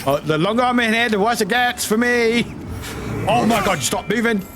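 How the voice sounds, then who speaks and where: British man, excitable gameplay commentary, repeats lines, high voice, noisy recording. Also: moderate pace. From United Kingdom. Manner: excitable, exclaiming and repeating itself. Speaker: streamer. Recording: noisy stream audio.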